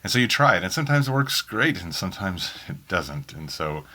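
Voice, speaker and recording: A man's voice: deep voice, sing-song, fairly quick, sharp tone. A man from Oklahoma with a faint Southern accent, an audiobook narrator answering interview questions in a rambling way full of ums. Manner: rambling, many ums and restarts. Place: small home booth in a spare bedroom.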